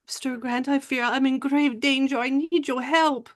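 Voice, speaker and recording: A dramatic French woman pleads in low, hushed tones, with a put-on French accent and a raised pitch, as a woman players her. The voice sounds breathy and urgent, and it carries an air of theatrical mystery. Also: steady tone, normal speed, close to an everyday voice. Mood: pleading.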